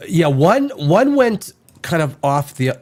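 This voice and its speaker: Male podcast host, lively pitch, rambling and joking, congested with a cold. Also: measured pace. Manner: rambling, joking, reads articles aloud with asides. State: has a bad cold. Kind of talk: casual livestream chat reading news aloud.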